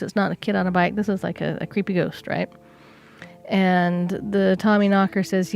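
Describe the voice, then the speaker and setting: A woman's voice: medium pitch, a little fast, darkish tone, soft background music. A woman co-hosting a podcast, casually retelling a folk tale with chatty asides and fillers. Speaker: podcast co-host. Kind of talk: casual storytelling.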